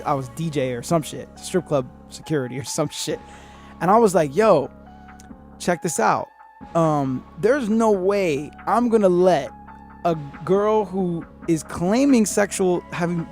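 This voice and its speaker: A man hosting a podcast, telling a story in a rambling, profane, animated way and acting out what people said. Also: on the high side. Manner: profane, rambling, animated retelling with acted-out quotes. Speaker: podcast host. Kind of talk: casual storytelling.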